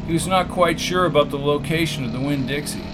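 A man reading a novel aloud as the narrator, in a steady, measured way. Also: a little high, noisy background. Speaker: audiobook narrator. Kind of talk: scripted narration.

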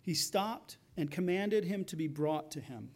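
A man's voice: on the high side, expressive, a little slow, a little mellow. A man preaching a sermon as pastor, in a conversational way, acting out the voices of the people in his story.

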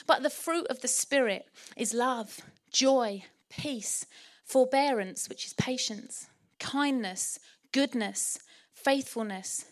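A woman's voice: fairly high pitch, takes it slowly. A middle-aged woman with an Essex accent, preaching a sermon in church in a chatty storytelling way and laughing often.

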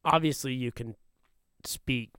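A man's voice: medium pitch, unhurried, fairly bright tone, clear, resonant tone, dry recording, clean studio sound. Joking podcast co-host man. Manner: joking, teasing interjections. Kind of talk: casual chat.

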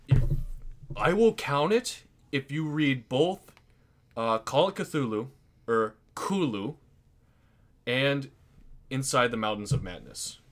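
A man's voice: medium pitch, fairly bright tone. A young adult man co-hosting a casual podcast, chatty and prone to long explanations. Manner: chatty, explains things at length. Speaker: podcast co-host. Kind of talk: casual chat.

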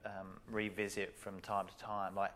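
Encouraging podcast host. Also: male voice, low voice, little pitch movement, unhurried, fairly bright tone. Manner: encouraging, swears casually, restarts often. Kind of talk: casual interview chat.

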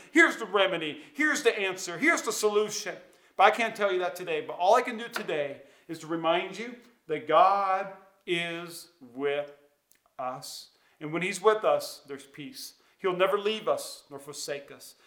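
Bright-voiced man preaching in an echoey room. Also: sits high. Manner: earnest, emphatic preaching with dramatic pauses. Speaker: pastor. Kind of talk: sermon. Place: church, streamed online.

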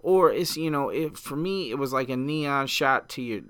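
A man's voice: mid-range voice, normal speed, fairly bright tone, clean tone. A man who is a podcast guest, talking casually with colorful, profane enthusiasm. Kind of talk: casual chat.

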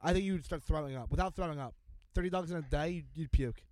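A man's voice: on the high side, fast, a little mellow, dry recording. A man co-hosting a casual podcast chat, swearing and bantering with exasperation. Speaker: podcast co-host.

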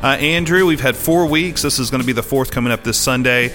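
A man's voice: medium pitch, fast talker, fairly bright tone, long reverb tail, soft background music. Chatty male podcast host. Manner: chatty, laughs easily, many fillers. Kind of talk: casual podcast chat.

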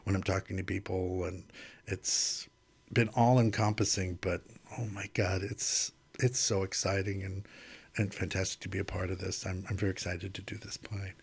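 Lively, low-voiced man telling stories. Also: moderate pace, vocal fry, slightly rough. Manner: animated storyteller who acts out quoted exchanges. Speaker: guest artist. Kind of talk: casual storytelling interview.

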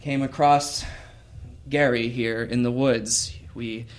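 A man's voice: medium pitch, steady tone, slow pace, close to an everyday voice. A man voicing a friendly, talkative female gnome traveler who explains things in a chatty way.

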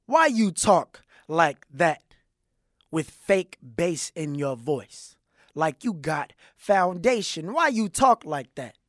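A poet performs spoken word verse with a rhythmic, emphatic cadence. The pace is slow and deliberate. The sound is dry and close. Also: medium pitch, sing-song, dry recording.

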